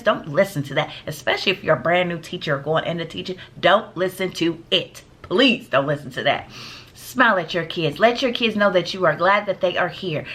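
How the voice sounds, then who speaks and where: A woman's voice: mid-range voice, fairly bright tone. A woman teacher giving casual, emphatic classroom advice, often calling her viewers "y'all.".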